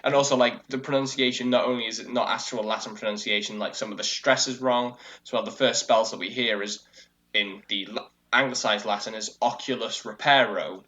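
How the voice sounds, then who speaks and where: A man co-hosting a casual discussion podcast, explaining at length in a rambling, animated way, full of fillers and restarts. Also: medium pitch, a little fast. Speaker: co-host. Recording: lo-fi dull audio.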